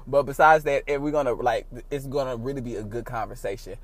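A man hosting his own podcast, talking casually in a rambling, profane way with big swings in loudness. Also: medium pitch, fast, no room sound. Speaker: podcast host. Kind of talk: casual solo podcast monologue.

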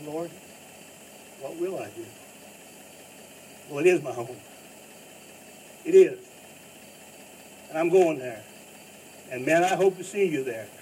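A pastor preaching a sermon in an emphatic style, rising to loud bursts and dropping low. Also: male voice. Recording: distant mic with faint noise.

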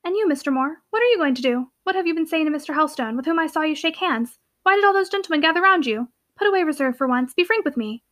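A bold young heiress, playful and commanding, who teases her friends with quick confidence, as a woman reads her. The voice is high and bright, with a sharp ring to it. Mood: teasing. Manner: lively, teasing and commanding. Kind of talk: audiobook character reading.

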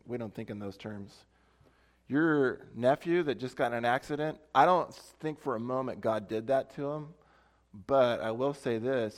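A pastor preaching a casual, conversational sermon, chatty and thinking out loud with self-deprecating asides. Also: male voice, mid-range voice.

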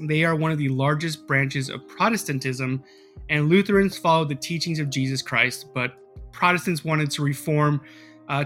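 Podcast host guy, kinda high voice, rambly and sweary, lots of ums, faint music under it. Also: fairly bright tone. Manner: rambling, filler-heavy, profane storytelling. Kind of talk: casual podcast chat.

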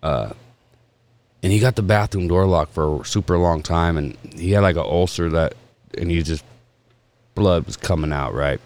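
A man's voice: sits low, moderate pace, long pauses, darkish tone. A man chatting casually with friends, telling a rambling, profane story. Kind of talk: casual chat among friends.

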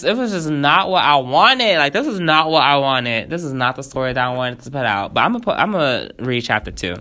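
A man chatting to his viewers while reading from an old story he wrote. He talks in a profane, expressive way, and his pitch swings widely from low to high. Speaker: vlogger. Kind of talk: casual reading and commentary.

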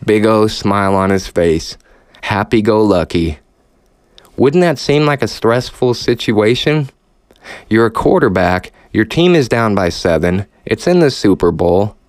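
A man's voice: mid-range voice, darkish tone, no echo, studio quality. A man hosting a podcast, ranting sarcastically with heavy swearing and audible frustration. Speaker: podcast host. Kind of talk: profane rant.

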